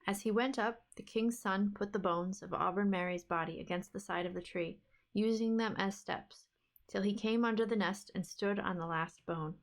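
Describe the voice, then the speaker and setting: A woman reads an old fairy tale aloud in a steady, even storytelling voice. Her pitch sits in a middle range for a woman. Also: moderate pace. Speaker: book club streamer.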